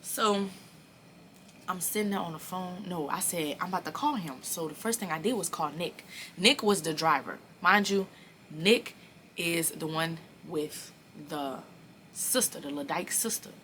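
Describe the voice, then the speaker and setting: Young new woman spilling a story to her viewers, low-ish voice but punchy and bright, cussing a lot. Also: a little slow, slight background noise. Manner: animated, profane, talks straight to viewers. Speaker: vlogger. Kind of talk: casual storytime.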